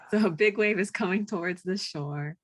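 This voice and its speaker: A woman's voice: medium pitch, normal speed. A woman presenting her team's story to an online class, giggling and a little sheepish. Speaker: workshop participant. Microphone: video call.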